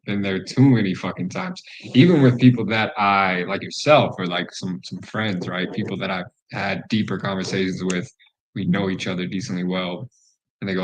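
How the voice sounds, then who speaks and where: A man's voice: low voice, moderate pace, low-quality recording. A man hosting a podcast, talking in a casual, open way and swearing freely. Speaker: podcast host. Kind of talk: candid podcast conversation.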